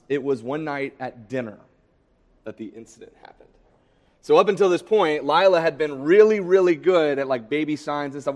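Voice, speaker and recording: Man preaching in an echoing hall. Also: medium pitch. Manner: conversational storytelling with fillers. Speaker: pastor. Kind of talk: sermon.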